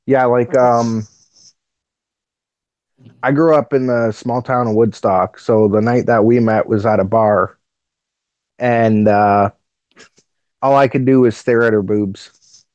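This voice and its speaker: Easygoing man guest, halting replies, dry close sound. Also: medium pitch, fairly even intonation, darkish tone, no echo, dull audio. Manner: laid-back, brief, hesitant. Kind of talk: casual chat.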